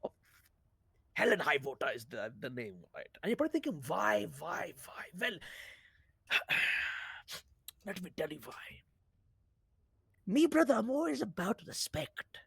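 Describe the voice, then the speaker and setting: A man's voice: high voice, sing-song, unhurried, vocal fry, pauses often, fairly bright tone, husky, no room sound, clean studio sound, full character voice. A man playing an aggrieved, theatrical man who files a complaint and slips in and out of a put-on accent. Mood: indignant. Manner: keeps saying "brother" and "right?", theatrical pleading. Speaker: role-play character. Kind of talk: game role-play.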